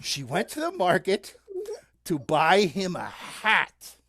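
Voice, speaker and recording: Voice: mid-range voice, wildly swooping pitch, slow, fairly bright tone. Playful sing-song puppet show narrator.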